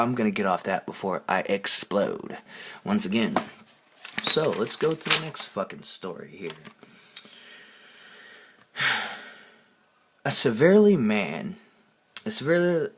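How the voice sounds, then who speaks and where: A man's voice: on the low side, fairly bright tone. Man ranting in a heated, profane voice. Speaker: vlogger. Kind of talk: angry ranting storytelling.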